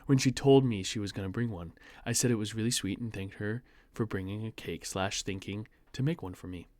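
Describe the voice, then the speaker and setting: A young man from the United States reads an online post aloud in a lowish voice. He keeps breaking off to mock it with sarcastic asides in loose, casual commentary. The sound is dry and close, with no room in it. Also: fairly quick, a little mellow, dry recording. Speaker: host reading online posts.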